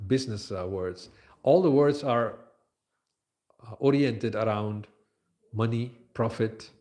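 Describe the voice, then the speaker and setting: Man giving a relaxed scripture talk. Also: mid-range voice. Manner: conversational, many fillers and pauses. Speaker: temple lecturer. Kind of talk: scripture class lecture.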